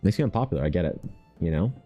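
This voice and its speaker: A man's voice: low voice, lively intonation, very fast, dark tone, slightly rough, lo-fi sound, soft background music. A man streaming while he draws, chatting in a rambling, profane, self-mocking way. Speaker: art streamer. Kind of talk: casual chat while drawing.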